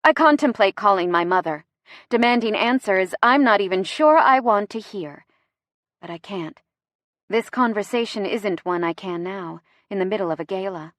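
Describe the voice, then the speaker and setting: A woman narrates a romance audiobook in the first person, expressive and close to the mic. Her pitch is medium, her pace moderate, and the recording has no echo.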